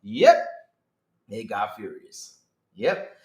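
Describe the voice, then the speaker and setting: A man hosting a casual live stream, reacting excitedly with mock outrage and talking straight to his chat. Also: fairly low pitch, very slow, vocal fry, roomy sound. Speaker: streamer host.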